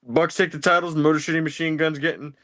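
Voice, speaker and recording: A man's voice: fairly high pitch, steady tone, quick pace, sharp tone, no echo. A man co-hosting a podcast in casual wrestling chat, blunt and laughing often, swearing freely. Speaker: podcast co-host.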